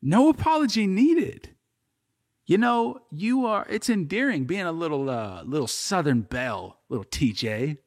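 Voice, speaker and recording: A man's voice: on the high side, very animated, measured pace, no room sound, studio quality. A man from Oklahoma with a slight drawl, hosting a podcast in an upbeat, rambling way. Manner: upbeat, chatty, rambling with fillers. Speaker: podcast host. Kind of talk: casual podcast chat.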